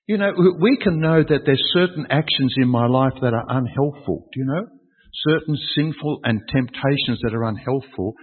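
A man's voice: medium pitch, moderate pace, husky. A man preaching a sermon, emphatic, repeating key phrases and asking rhetorical questions of his listeners. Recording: tinny, echoey hall with long reverb.

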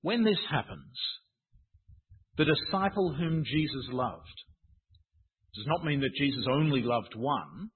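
A man's voice: mid-range voice, very animated, unhurried, pauses often, husky. A man preaching a sermon in a conversational, wry, self-deprecating manner. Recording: tinny phone-like sound.

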